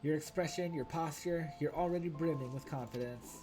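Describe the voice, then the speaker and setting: A man's voice: on the high side, fairly quick, music in the background, natural voice, low-quality recording. A man voicing a stern female sword guildmaster in a video game, speaking formally.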